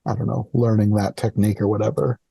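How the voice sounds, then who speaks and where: A man hosting a movie podcast, recapping scenes in a relaxed way with dry chuckles. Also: lowish voice, quick pace, vocal fry, husky, dry recording. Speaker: podcast host.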